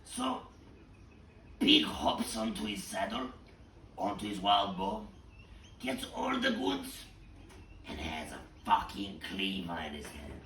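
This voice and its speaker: A deep-voiced man rambles through a crude comic tale, swearing freely and swinging his pitch all over. His voice is gravelly and heard from off mic in an echoey room. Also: slow, long pauses, recorded from a distance, slight background noise. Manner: profane, rambling, animated. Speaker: storyteller.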